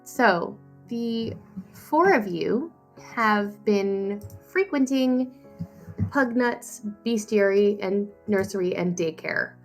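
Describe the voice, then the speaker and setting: A woman's voice: mid-range voice, expressive, slow, soft background music. A woman narrating as game master of a tabletop game, storytelling with an easy flow and frequent fillers.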